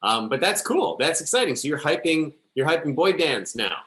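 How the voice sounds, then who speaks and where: A man's voice: on the high side, very animated, normal speed, a bit bright, reverberant. A man playing a rambling space interviewer. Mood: awkward. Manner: rambling, tosses in "all right?" and "okay?". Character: rambling male space-station interviewer, fussy and awkward. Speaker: host of the sketch. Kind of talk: live improv comedy.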